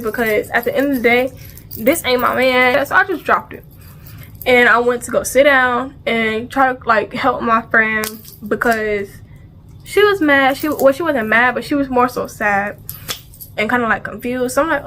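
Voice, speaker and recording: With a fairly high pitch and an ordinary pace, a woman vlogs a storytime in slangy, casual speech. She acts out the noises and conversations with lots of animation, often repeating phrases, over slight background noise.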